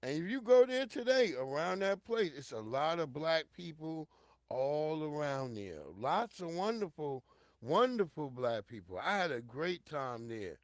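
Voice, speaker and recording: A middle-aged man spins a casual, profane story for his listeners, his voice pitched a touch high for a man. He jumps from loud, excited bursts to hushed, low stretches. The sound is dry and close. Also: unhurried, no echo. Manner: animated and profane, swinging from loud outbursts to hushed low tones; addresses listeners directly and repeatedly. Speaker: show host telling a personal story. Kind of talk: casual storytelling monologue to an audience.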